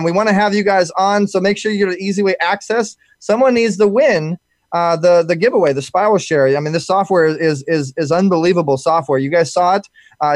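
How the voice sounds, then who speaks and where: A man hosting a live talk radio show, wrapping up with energetic, fast shout-outs and frequent repeated words. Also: sits high, no room sound, studio quality.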